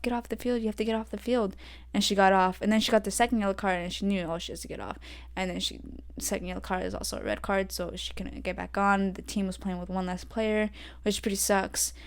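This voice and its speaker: A young adult woman hosting her own podcast, rambling through a story with lots of fillers and getting animated when irritated. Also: mid-range voice, fairly quick, smooth. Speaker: podcast host. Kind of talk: solo casual rant. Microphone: desk podcast mic.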